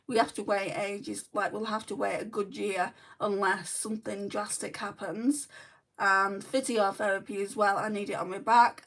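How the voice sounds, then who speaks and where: A woman with a Lancashire accent talks in a rambling, candid way, full of ums and asides. Her voice carries a gravelly fry at a middling pitch. She sits back from the microphone, so the sound sits a little distant. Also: fairly bright tone. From Lancashire, England. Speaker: beauty vlogger. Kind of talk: chatty livestream makeup talk, reading viewer comments. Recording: voice set back from the mic.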